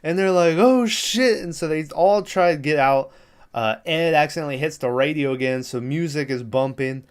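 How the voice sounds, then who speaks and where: A man with a fairly high, smooth, steady voice talks a little fast as a podcast host. He recaps a film in a rambling, casual, profane way, laughing now and then as he retells scenes.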